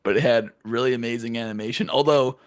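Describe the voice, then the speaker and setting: A man co-hosting a podcast in casual chat, animated and profane, acting out scenes in silly voices. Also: mid-range voice, quick pace, no room sound. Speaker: podcast co-host.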